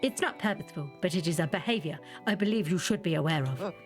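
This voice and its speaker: A woman's voice: lowish voice, expressive, fast talker, soft background music, voice pushed down, close to an everyday voice. A woman voicing a solemn male pet rock night guard who talks in a formal, stilted, confessional way. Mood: apologetic.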